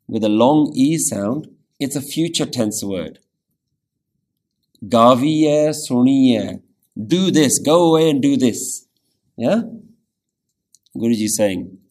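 A man teaches a scripture lesson at an unhurried, measured pace. His voice sits at an ordinary middle pitch. He lays out each point and each pronunciation carefully and often pauses to ask "yeah?". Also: a little mellow. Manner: slow and deliberate, checks in with "yeah?"; pronounces Punjabi scripture carefully.

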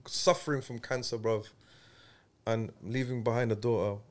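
A man, hosting a casual podcast chat and making his points in a preachy, animated way. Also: mid-range voice, normal speed. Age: 30s. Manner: animated, preachy, peppers speech with "bruv".

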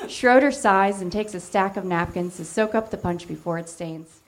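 A woman giving a deadpan, matter-of-fact comic reading of fan fiction on a theater stage. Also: medium pitch, normal speed. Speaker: reader.

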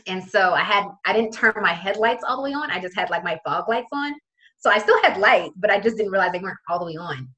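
A woman's voice: mid-range voice, lively intonation, quick pace, sharp tone, low-quality recording. A young woman from the Prince George's County area, telling a personal story in casual talk, with many fillers and quoted voices. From Prince George's County, Maryland area. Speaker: guest.

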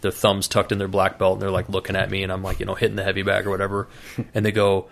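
Fields: Sex: male. Role: co-host. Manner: profane, animated storyteller. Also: low voice, very fast, creaky. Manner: profane storyteller acting out quoted voices. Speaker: podcast co-host. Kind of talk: casual podcast chat.

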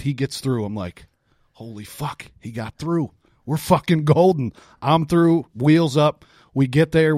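A man co-hosting a podcast, telling a story in a casual, profane, animated way with frequent laughs. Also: fairly high pitch, dry recording, studio quality. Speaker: podcast co-host.

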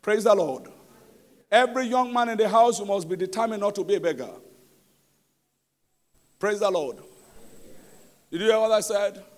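High-voiced Nigerian preacher shouting emphatically. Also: male voice, moderate pace, pauses often. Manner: emphatic preaching with call-and-response questions; swings between shouting and low, quiet passages. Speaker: pastor. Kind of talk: sermon. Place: church service.

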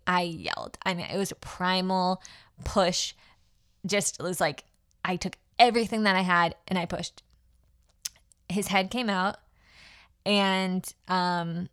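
A woman's voice: fairly low pitch, a bit bright. Heartfelt woman telling a personal story. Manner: casual, heartfelt, many fillers and restarts. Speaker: podcast host.

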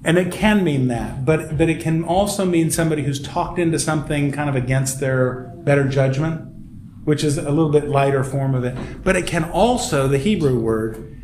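A man's voice: fairly high pitch, moderate pace, a little hiss or hum. A man leading a Bible study class in a church room, teaching casually and acting out quotes with laughs. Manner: animated, laughs often, acts out quotes. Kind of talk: casual teaching in a group discussion. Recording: echoey room recording with group chatter.

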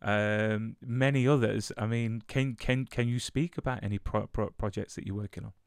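A man's voice: on the low side, steady tone, normal speed, creaky, clear, resonant tone, dry recording, clean studio sound. A man, hosting an interview and heaping effusive praise, often repeating his words. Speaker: interview host. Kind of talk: casual interview chat.

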